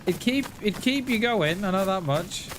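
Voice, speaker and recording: A man's voice: sits high, animated, moderate pace, noisy background. A man chatting casually while live streaming a game, laughing often and calling his viewers mate. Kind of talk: live gameplay stream chat.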